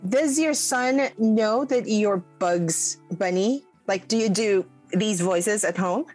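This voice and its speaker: A woman's voice: medium pitch, takes it slowly, darkish tone, faint music behind, low-quality recording. Woman interviewer asking questions.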